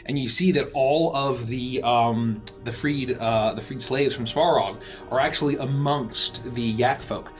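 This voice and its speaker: A man narrating as game master for a tabletop game, halting with many restarts. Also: medium pitch, fairly even intonation, soft background music.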